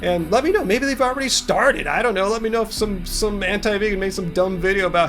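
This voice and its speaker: A man's voice: sits high, steady tone, quick pace, hardly any pauses, over music. A man hosting a commentary vlog, talking in an emphatic, argumentative and sarcastic way. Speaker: vegan channel host.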